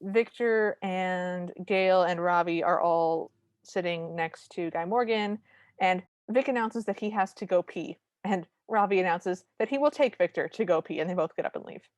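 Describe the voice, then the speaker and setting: A woman with a lowish voice talks through a movie's plot in casual podcast chat, dropping dry asides as she goes. The sound is dry and close, with no room to it. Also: normal speed, dry recording. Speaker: podcast co-host.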